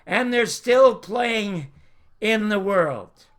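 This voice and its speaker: An older man hosting his own show, telling a showbiz anecdote in an animated way and acting out the voices. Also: high voice, extremely slow. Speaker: show host. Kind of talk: anecdotal storytelling.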